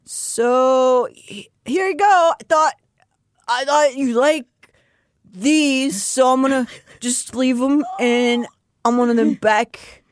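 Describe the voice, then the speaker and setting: A woman's voice: sits high, takes it slowly, no room sound, studio quality, pitched above the performer's own voice. A woman voicing a flustered young male warrior who stammers and rambles nervously as an awkward suitor. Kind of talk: comic read-aloud voice.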